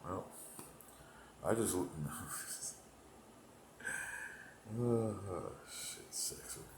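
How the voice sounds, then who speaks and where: A man with a fairly low voice rambles through a profane comedic monologue, drifting from thought to thought and chuckling to himself. He lurches between sudden loud bursts and half-mumbled asides. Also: drawn-out words, reverberant, slight background noise, rough recording. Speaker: comedic performer.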